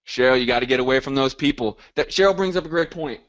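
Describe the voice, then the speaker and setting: Man, motivational coaching call host, mid-pitched voice, upbeat, muffled call audio. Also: fast, fairly bright tone. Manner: upbeat, motivational, reacting to chat comments by name. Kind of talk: live group coaching call.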